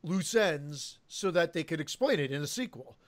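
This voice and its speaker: Teasing animated podcast man, slightly high. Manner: teasing, swears, quick to argue. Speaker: podcast co-host. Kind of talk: casual podcast chat.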